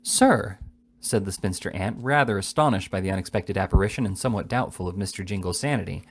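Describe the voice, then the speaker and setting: Gravelly male reader of a classic novel. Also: sits low, quick pace. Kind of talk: reading a classic novel aloud.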